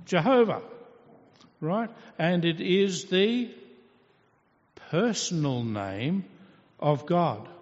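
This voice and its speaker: Here the same kind of sermon comes in an animated voice, slightly high for a man, moving slowly and deliberately. He poses rhetorical questions as he teaches with patience, and the dull recording echoes with a long hall reverb.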